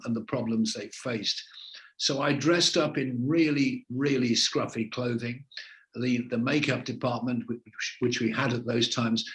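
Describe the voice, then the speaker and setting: Speaking in a mid-range voice, a veteran English TV presenter, now an older man, responds to an interviewer by telling easygoing anecdotes.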